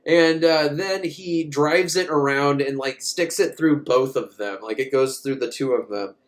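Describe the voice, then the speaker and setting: A man's voice: a little high, measured pace. A man recapping a movie in a casual, comic way, rambling, swearing and often laughing. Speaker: movie reviewer.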